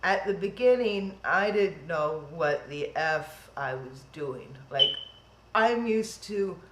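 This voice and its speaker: A woman's voice: lowish voice, lively intonation, takes it slowly, a bit bright, echoey room, slight background noise, poor audio. A woman hosting a live-streamed event from home, rambling in a chatty, self-deprecating way. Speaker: event host. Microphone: webcam stream.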